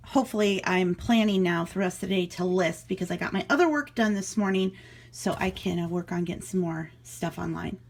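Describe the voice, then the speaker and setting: A woman's voice: mid-range voice, vocal fry, slight background noise. A middle-aged woman vlogging casually from home, chatting and thinking aloud as she handles items she resells online. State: out of breath. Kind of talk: casual vlog chat.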